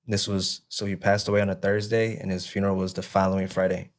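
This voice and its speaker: Low, flat-voiced man telling his story. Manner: halting storytelling, keeps saying "you know what I mean". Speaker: interview guest. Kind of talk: personal recovery testimony.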